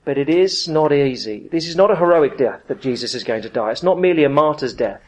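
A man preaching a sermon in a conversational, emphatic way, dropping to soft, earnest tones. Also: a little high, lively intonation, quick pace, rough recording.

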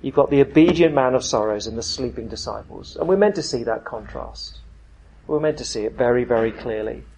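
A man preaching a sermon in a conversational, emphatic way, dropping to soft, earnest tones. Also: medium pitch, slightly rough, rough recording.

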